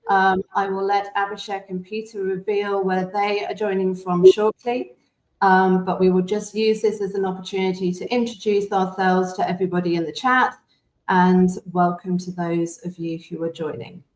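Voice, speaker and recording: A woman's voice: mid-range voice, little pitch movement, moderate pace, darkish tone. A woman with a British accent hosting a webinar, guiding speakers in an organized way. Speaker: webinar host. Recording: echoey room.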